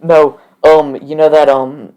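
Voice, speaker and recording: A man's voice: fairly high pitch, level tone, takes it slowly, mellow, clear, resonant tone, rough recording. Young man telling stories with fillers. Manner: anecdotal, filler-heavy storytelling. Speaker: podcast co-host. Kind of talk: casual chat.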